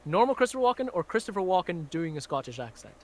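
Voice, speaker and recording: A man's voice: high-pitched, big pitch swings. A man co-hosting a live stream as a magician, chatty and full of asides. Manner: chatty, explains with asides and quick laughs. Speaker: magician co-host. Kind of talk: casual live-stream chat.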